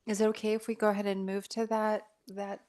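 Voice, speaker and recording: A woman's voice: mid-range voice, little pitch movement, a little fast, a little mellow. A woman chairs a city board meeting in a casual, agreeable manner. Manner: casual, agreeable, with fillers like 'kind of'.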